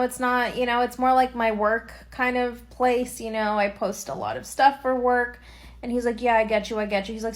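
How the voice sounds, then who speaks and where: A woman chatting casually to camera from her bed, acting out what people said. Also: fairly high pitch. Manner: chatty, acts out quotes, laughs easily. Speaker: social media creator. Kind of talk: casual storytime chat to camera. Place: at home, lying on a bed.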